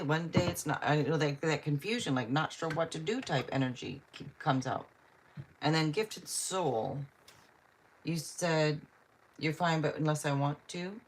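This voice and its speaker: A chatty woman with a low voice gives a live tarot reading, talking to viewers by name and laughing often. A faint hum of noise sits behind her. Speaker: tarot reader.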